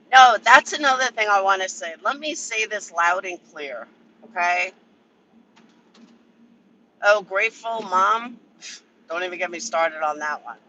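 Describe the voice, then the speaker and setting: A man's voice: high-pitched, pushed and bright, a little hiss or hum, low-quality recording. A man ranting casually and profanely on a livestream from a vehicle, answering chat members by name. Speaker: livestream commentator.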